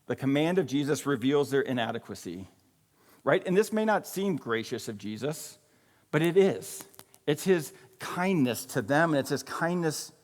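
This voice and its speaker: A man preaching a sermon in a casual, conversational way, often checking in with "right?" and "like". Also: mid-range voice. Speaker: pastor. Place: church sanctuary. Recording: long reverb of a church hall.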